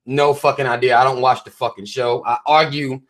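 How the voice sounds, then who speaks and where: A man's voice: medium pitch, flat delivery, brisk. A man hosting his own live stream, reading out memes and articles and ranting about them bluntly with heavy profanity. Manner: reads memes and articles aloud to viewers.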